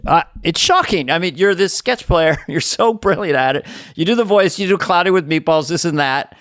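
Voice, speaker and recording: A man's voice: on the high side, expressive, moderate pace, a bit bright, no room sound. An older man co-hosting a podcast, chatting casually and praising with enthusiasm and repeated phrases. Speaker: podcast co-host. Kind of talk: casual chat.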